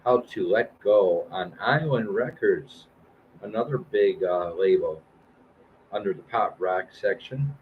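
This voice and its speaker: This is a man in his fifties running through new album releases on a live stream, pausing often on "uh" and "um". His voice sits low and moves slowly. The recording sounds a little dull, with faint hiss underneath. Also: lively intonation. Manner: reads album blurbs aloud with fillers and restarts. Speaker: host of a live stream music show.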